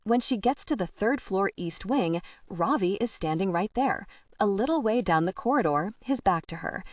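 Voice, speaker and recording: A woman narrating a young adult audiobook in a measured and expressive way. Her mid-pitched voice is dry, with no room sound. She sits a little back from the microphone. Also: no room sound. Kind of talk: scripted narration. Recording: dry, slightly distant mic.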